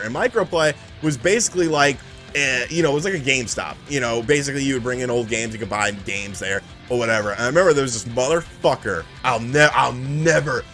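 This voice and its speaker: Animated, profane man telling a story. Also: mid-range voice. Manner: profane, animated, acts out the people in his stories. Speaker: channel host. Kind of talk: casual storytelling about retro video games.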